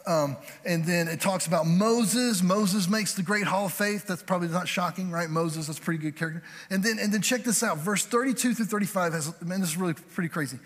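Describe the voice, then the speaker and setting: Man preaching, high voice, joking asides, conversational sermon, long church reverb. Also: a little fast, few pauses, a bit bright. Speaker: pastor. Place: church sanctuary. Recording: hall reverb from a church sanctuary.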